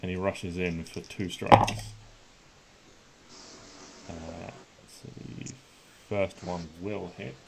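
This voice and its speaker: A man with a very low voice runs a tabletop game, unhurried and laid back. His narration halts often on fillers as he describes each blow. Steady noise sits under his voice. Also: vocal fry. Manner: relaxed, halting narration with many fillers. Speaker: game master.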